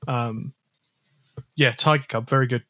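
Animated man telling a story. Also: mid-range voice, measured pace, dull audio, very noisy. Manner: excited storytelling with fillers. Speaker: guest guitarist. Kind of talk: casual chat.

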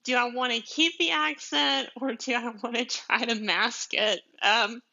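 A woman's voice: on the high side, steady tone, measured pace, creaky, sharp tone, dull audio. A woman with a Southern Georgia accent, hosting a podcast in a chatty, rambling way, with many ums and frequent laughs. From deep South Georgia, USA. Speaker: podcast host. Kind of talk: casual monologue.

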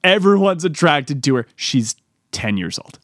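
A man's voice: on the high side, a little slow, dry recording, studio quality. Rambling guy telling funny stories. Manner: rambling, animated, acts out quotes. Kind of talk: comedic storytelling.

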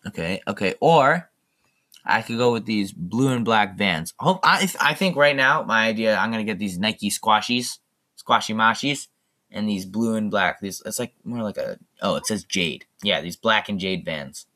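A teenage boy with a lowish, bright-edged voice hosts his solo podcast. He rambles and jokes his way through chatty asides. It sounds like a casual talk recorded at home. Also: animated, normal speed. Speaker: podcast host.

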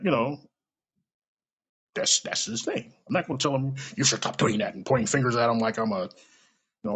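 A man's voice: medium pitch, gravelly, slightly rough. A man hosting a podcast, giving a blunt, rambling opinion monologue with profanity and acted-out quoted asides. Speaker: podcast host. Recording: lo-fi podcast recording.

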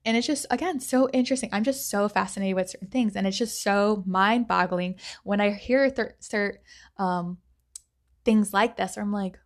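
A woman's voice: medium pitch, normal speed. A young woman hosting a solo podcast, talking casually with lots of fillers and acting out her own thoughts in quotes. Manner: chatty, rambling, many fillers; animated, acts out quoted thoughts. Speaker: podcast host.

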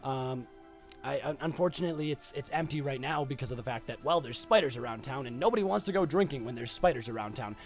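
A man's voice: medium pitch, lively intonation, fast, dull audio, soft background music, close to an everyday voice. A man voicing a friendly, rambling male bartender in a tabletop game. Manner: rambling, eager to help. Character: friendly hesitant male bartender with magic sword.

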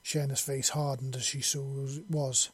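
Guy reading a sci-fi story, husky, flat and steady, dry sound. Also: mid-range voice, moderate pace, dry recording. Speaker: audiobook reader. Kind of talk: story narration.

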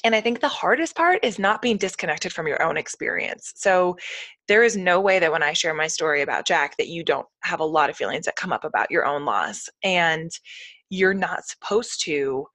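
A woman's voice: fairly low pitch, expressive, normal speed, a bit bright, no echo. A woman in her thirties co-hosting a casual parenting chat over a video call, chatty and often acting out a parent and child. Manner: chatty, acts out toddler and parent voices. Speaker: podcast co-host.

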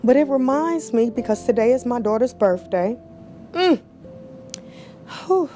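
Heartfelt mellow-voiced woman podcast host. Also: fairly high pitch, expressive, a little slow, a little hiss or hum. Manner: heartfelt, preacherly, repeats phrases. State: emotional, near tears. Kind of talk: emotional podcast monologue with prayer.

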